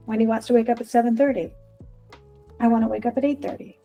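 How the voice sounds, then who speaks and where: Soft-spoken woman leading a visualization. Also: a little high, fairly even intonation, fast, soft background music. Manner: gentle, repetitive, inviting prompts. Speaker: spiritual workshop leader. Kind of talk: guided visualization.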